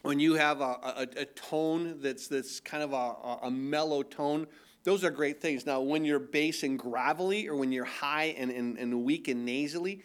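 A man's voice: on the high side, normal speed, smooth. An older man preaching a sermon as pastor, in a conversational style that stumbles and repeats words, sometimes breaking into mock-incredulous voices for emphasis. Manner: conversational preaching with repetitions and restarts.

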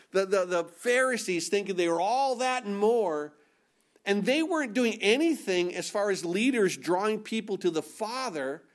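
A man preaching a sermon, animated, acting out quoted lines by shifting his tone and volume. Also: high voice. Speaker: pastor.

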